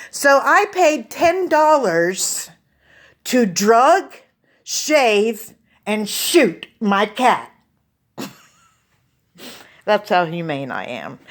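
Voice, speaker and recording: A woman performing a stand-up comedy routine, telling a story with profane, deadpan asides. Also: medium pitch.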